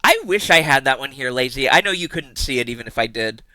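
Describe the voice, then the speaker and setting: A man's voice: medium pitch, expressive, fast talker, sharp tone, no room sound. A young man streaming live, chatting casually with his viewers, teasing them, swearing freely and laughing often.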